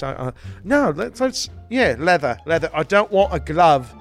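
A man's voice: fairly high pitch, sing-song, moderate pace, faint music behind. A man in an improvised comedy sketch playing a tiny, short-tempered male creature being fitted for a suit, prickly and defensive. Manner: prickly, defensive, bursts into indignant outbursts. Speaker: podcast co-host.

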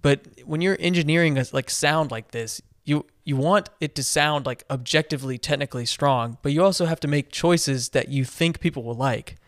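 A man's voice: fairly high pitch, moderate pace, hardly any pauses, dry recording, studio quality. A man co-hosting a casual podcast about music, talking eagerly and rambling, with lots of restarts and fillers. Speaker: podcast co-host.

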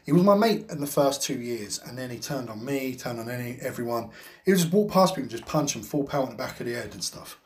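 A man's voice: medium pitch, animated, quick pace. A man with a blunt, sweary, rambling way of talking, telling a story in a casual podcast chat. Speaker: podcast co-host.

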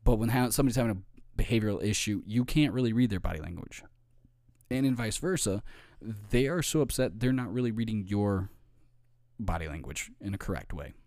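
A man's voice: lowish voice, expressive, brisk, a little mellow, no room sound, studio quality. A man giving an informal training talk, often checking in with "okay?" and "right?".

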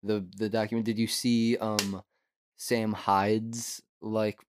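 A young man with a somewhat low voice chats loosely as a podcast co-host. He rambles, laughs often and lets his sentences trail off. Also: flat delivery, slow pace. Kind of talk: casual chat.

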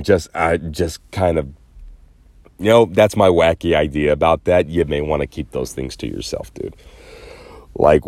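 Low voiced guy ranting sarcastic on his own show, dry close sound. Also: darkish tone, no room sound. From Los Angeles area. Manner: sarcastic, rambling, mocking imitations. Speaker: podcast host. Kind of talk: casual solo commentary.

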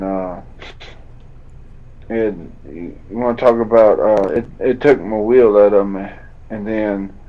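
A man, a fighter telling a painful story in an interview, drawling and halting as he acts out old conversations. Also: on the low side. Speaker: bare-knuckle fighter guest. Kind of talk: emotional storytelling in a podcast interview. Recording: dull lo-fi audio.

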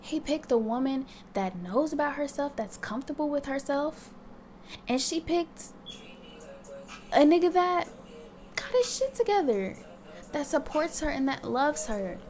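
A woman's voice: high-pitched, lively intonation, measured pace, pauses often, darkish tone, faint music behind. A young woman hosting her own podcast, talking candidly in a casual monologue and swearing freely. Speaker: podcast host.

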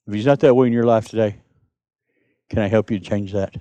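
A man preaching a sermon as pastor, climbing to loud passionate cries and then dropping to a soft, hushed plea. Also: mid-range voice, very animated, fast talker, no echo, low-quality recording.

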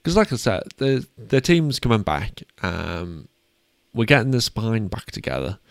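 A man's voice: fairly low pitch, sing-song, unhurried, vocal fry, dry recording. A British man co-hosting a casual sports chat, upbeat and self-deprecating. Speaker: podcast co-host.

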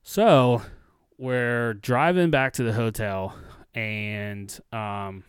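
A young man on a podcast, casually telling a profane, animated story and acting out the people in it. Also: mid-range voice, extremely slow, clean tone, no echo, clean studio sound. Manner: profane, animated retelling with quoted voices. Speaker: podcast co-host.

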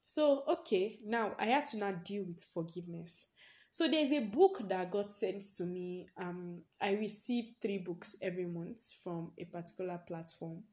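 A woman's voice: lowish voice, animated, normal speed, darkish tone. Chatty young woman podcaster. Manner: chatty storytelling, leans on "basically", laughs often. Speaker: podcast host. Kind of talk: casual personal podcast monologue.

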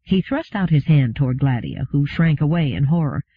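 A man narrating an audiobook in a steady, even reading. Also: fairly high pitch, moderate pace, husky. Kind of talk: scripted narration. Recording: phone-like narrow sound.

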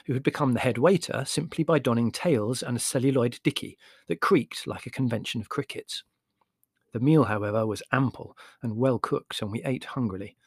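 A man reads a humorous memoir aloud at a measured pace, with a mid-pitched voice. The delivery is wry and even. The recording is close and completely dry. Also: husky, no room sound. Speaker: audiobook narrator. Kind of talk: scripted narration.

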